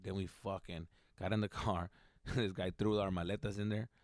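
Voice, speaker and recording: A man from California who hosts a comedy podcast and tells a profane, animated story, laughing often. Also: sits low, normal speed, no echo, clean studio sound.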